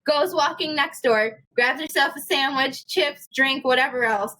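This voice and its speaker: High-voiced young woman telling a story. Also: unhurried. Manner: animated, laughing, acts out quotes. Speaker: podcast co-host. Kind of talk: casual storytelling.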